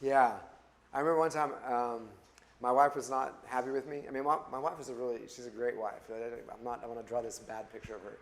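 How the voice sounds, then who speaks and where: A man's voice: medium pitch, fairly even intonation, fast. A man leading a Bible study class, speaking conversationally, putting questions to the group and often restarting his phrases. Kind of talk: interactive class teaching.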